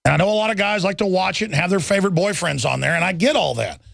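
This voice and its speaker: A man's voice: sits high, animated, fast, gravelly, a bit bright, no room sound. A man hosting a talk radio show, ranting angrily and repeating himself as he works up his outrage.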